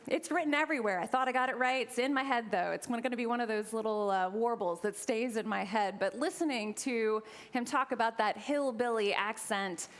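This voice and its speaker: A woman's voice: fairly high pitch, a little fast, hardly any pauses. A woman from Eastern Kentucky preaching a sermon as minister, conversational and with humorous asides to the congregation.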